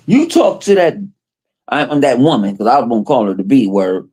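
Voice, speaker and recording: His voice is on the high side and husky, moving at a moderate pace. Hosting a podcast, he tells animated stories full of cursing and quoted voices in a casual conversation.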